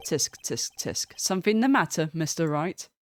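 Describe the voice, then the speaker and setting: A smug, cold male prosecutor sneers in a lowered voice, as a woman puts him on while playing a courtroom game. He sounds quietly condescending, with the game's music faint behind him. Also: lively intonation, normal speed.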